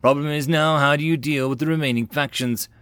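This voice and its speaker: A man voicing a blunt, proud, hard-edged soldier in an audiobook, speaking a little higher than his narration. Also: steady tone, brisk, a bit bright, clean tone, dry recording, studio quality, lightly acted.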